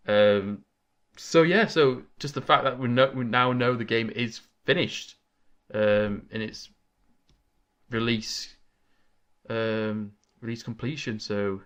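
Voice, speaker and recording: A man hosting a casual gaming podcast, talking in an excitable, chatty, rambling way into a desk microphone. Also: mid-range voice. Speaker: podcast host.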